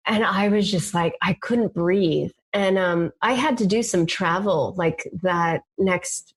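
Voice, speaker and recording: Woman, lower voice, emotional storyteller, casual and candid. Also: slow, husky. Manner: emotional, candid, lots of "like" fillers. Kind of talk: personal storytelling.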